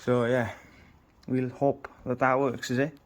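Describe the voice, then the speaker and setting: A man's voice: medium pitch, little pitch movement, measured pace. A man walks viewers through his engine work in a home garage, talking in an easygoing, down-to-earth way with the occasional swear word. His voice stays fairly level, with little rise and fall as he explains each step. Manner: chatty, down-to-earth, casual swearing. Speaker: home mechanic vlogger. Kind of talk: casual workshop walkthrough.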